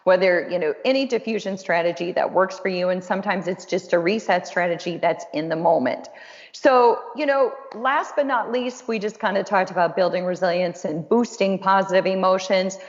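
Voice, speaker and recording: In a casual, conversational webinar, a woman host and counselor speaks at a moderate pace in a lowish voice, encouraging and chatty with a self-deprecating manner. The sound is dull and lo-fi, with long reverb.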